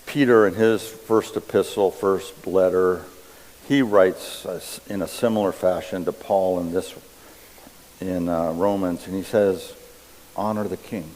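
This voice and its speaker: Slow-speaking male preacher in a reverberant church. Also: low voice, steady tone, a little mellow. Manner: slow, deliberate preaching with scripture readings. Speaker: pastor. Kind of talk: sermon. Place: church sanctuary. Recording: long reverb of a church hall.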